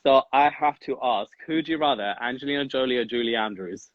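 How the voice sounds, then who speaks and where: A man hosting a casual interview, asking teasing questions in a playful, excitable way. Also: medium pitch, a little fast, no room sound, muffled recording. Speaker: podcast host.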